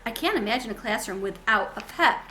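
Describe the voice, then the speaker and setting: A woman's voice: fairly high pitch, lively intonation, fairly quick, pushed and bright, reverberant, slight background noise. A woman reading aloud, voicing a friendly young schoolboy who wishes he had a class pet. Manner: wistful.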